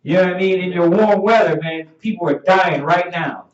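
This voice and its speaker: Animated high-voiced male preacher. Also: fairly quick. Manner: animated, laughing, calls for verses. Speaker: Bible class teacher. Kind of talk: preaching Bible study. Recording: dull echoey room audio from far off.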